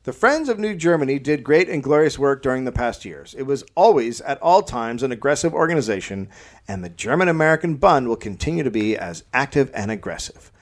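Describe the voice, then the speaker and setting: A man's voice: medium pitch, sing-song, fairly quick. A man hosting a comedy history podcast, reading old texts aloud and breaking off for dry jokey asides.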